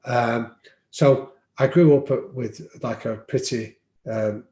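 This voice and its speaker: A man's voice: mid-range voice, steady tone, slow pace, mellow. A man telling stories as a podcast guest, reflective and anecdotal, with frequent ums. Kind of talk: storytelling in an interview. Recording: roomy echo.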